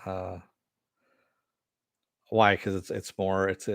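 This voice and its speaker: A man's voice: sits low, little pitch movement, a little slow, vocal fry, pauses often, no room sound, studio quality. Rambling American man hosting a live stream. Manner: rambling, reads viewer comments aloud. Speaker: host. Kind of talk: casual live-stream chat.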